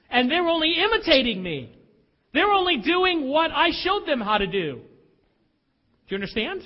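A man's voice: very high-pitched, in a large hall, muffled recording. A male pastor preaching an emphatic, confessional sermon full of rhetorical questions.

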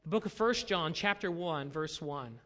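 A man's voice: fairly high pitch, lively intonation, moderate pace, fairly bright tone, big-room sound. A man preaching as a pastor, asking rhetorical questions and building to emphatic lines. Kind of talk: sermon.

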